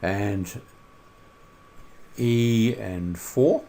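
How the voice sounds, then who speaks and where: A man teaching a maths lesson over a screencast in a relaxed way, with many filler sounds and questions put to the students. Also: lowish voice, very slow.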